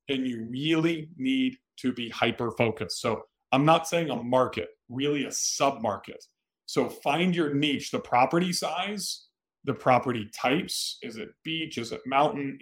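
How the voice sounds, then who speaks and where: A man hosting a solo podcast, giving direct, coaching advice in a plain-spoken way. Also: medium pitch. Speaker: podcast host.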